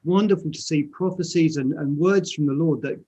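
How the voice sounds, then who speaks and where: A man's voice: fairly high pitch, brisk, dark tone, slightly rough. A man co-hosting a faith interview, reflecting on the story with enthusiasm. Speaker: co-host. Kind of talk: casual chat.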